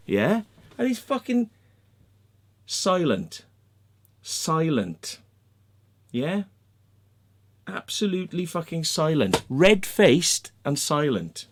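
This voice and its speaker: A man's voice: sits high, big pitch swings, moderate pace. Sweary, fired-up man ranting. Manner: sweary, heated, mocking, acts out quoted people. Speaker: vlogger. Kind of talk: angry rant to camera.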